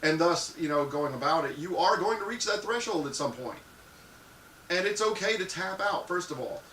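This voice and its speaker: A man hosting a live show, giving crude, frank advice to viewers and acting out loud little scenes. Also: fairly high pitch, expressive, normal speed, recorded from a distance. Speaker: live show host answering viewer questions. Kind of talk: casual live-stream advice talk. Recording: echoey room, off-mic, faint hiss.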